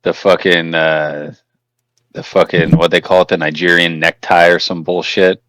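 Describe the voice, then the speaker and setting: Young guy with a really low voice, cursing and laughing through stories, dry close sound. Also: little pitch movement, normal speed, fairly bright tone, no room sound. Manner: profane, laughing storyteller. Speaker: podcast co-host. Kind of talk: casual chat.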